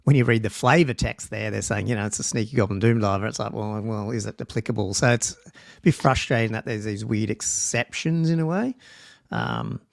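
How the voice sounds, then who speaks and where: A man's voice: fairly low pitch, sing-song, a little fast, gravelly, no echo, studio quality. A man hosting a livestream podcast, reading out rules and thinking aloud in a loose, casual way with ums and restarts. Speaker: podcast host.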